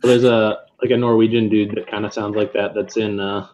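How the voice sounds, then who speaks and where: A man's voice: lowish voice, little pitch movement, a little fast, darkish tone. A man, a tabletop game player, chatting in a teasing, playful way. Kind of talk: casual chat. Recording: dull lo-fi sound with faint noise.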